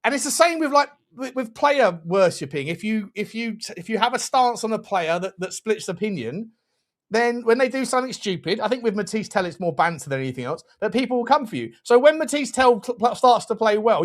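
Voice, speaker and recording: A man hosting a live football watchalong, animated and excitable, quick to laugh and swear while chatting over the match. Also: high voice. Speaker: fan channel host.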